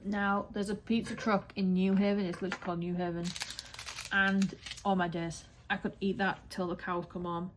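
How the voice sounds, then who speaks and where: An English woman rambles through a casual vlog chat, animated and quick to swear. Her voice sits at an ordinary middle pitch. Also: background noise. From England. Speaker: craft vlogger. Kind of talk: chatty vlog monologue.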